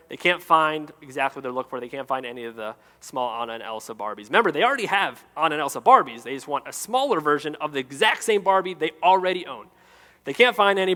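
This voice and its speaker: Bright-voiced pastor in a big hall. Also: male voice, a little high. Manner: lively storytelling with playful asides. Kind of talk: sermon. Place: church auditorium. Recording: echoey hall with long reverb.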